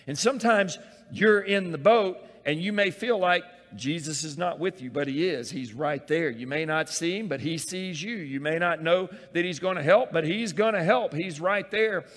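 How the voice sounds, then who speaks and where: A man preaching a sermon, acting out Bible scenes in voices and swinging from loud calls to hushed, close words. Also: fairly high pitch, big-room sound. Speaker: pastor.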